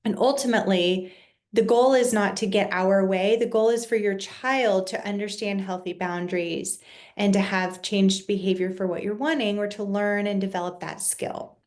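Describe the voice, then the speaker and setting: A woman counselor calmly explaining parenting boundaries in an educational video, measured and patient, with the occasional restart. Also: medium pitch. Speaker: child and family counselor.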